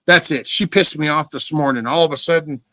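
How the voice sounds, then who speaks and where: A man's voice: fairly high pitch, fairly quick, sharp tone, no echo. A middle-aged man hosts a livestream in a rambling, casual monologue. He is blunt and profane, and his talk wanders and restarts. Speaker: livestream host.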